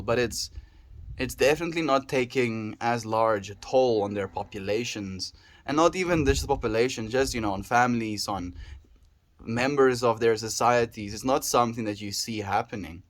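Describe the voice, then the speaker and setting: A man livestreaming, chatting casually with his viewers, reading their messages aloud and musing in a reflective way. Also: mid-range voice. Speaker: daily livestreamer.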